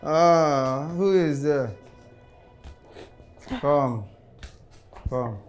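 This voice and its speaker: A man with a Nigerian accent playing a sly, menacing middle-aged man who coaxes slowly. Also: on the high side, faint music behind. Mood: coaxing. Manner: slow, coaxing, chuckling.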